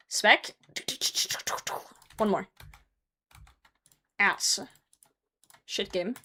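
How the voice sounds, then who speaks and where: A woman's voice: medium pitch, expressive, normal speed, a bit bright. A Norwegian woman streaming a game, chatting casually in English as a second language, swearing freely as she answers her chat. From Norway. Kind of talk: casual gaming livestream chat.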